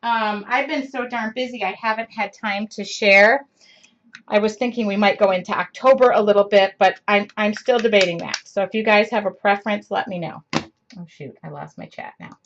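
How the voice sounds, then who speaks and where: Here a woman at a medium pitch and moderate pace runs a relaxed art lesson over a live stream. She talks to herself as she paints and chats with viewers, calling them by name. Her computer mic gives a muffled recording.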